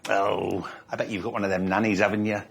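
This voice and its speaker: An actor playing a gossipy middle-aged male salon owner who trades in quick, cutting quips. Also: lowish voice, level tone, vocal fry, fairly bright tone, a little hiss or hum. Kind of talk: sitcom acting.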